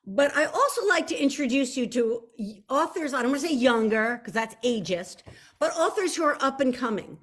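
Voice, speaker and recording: A woman's voice: high-pitched, animated, normal speed, fairly bright tone. Effusive, chatty Philadelphia woman. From Philadelphia area. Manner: effusive, chatty, with frequent restarts and repeated intensifiers. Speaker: author hosting her own video show. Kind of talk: casual chat to viewers.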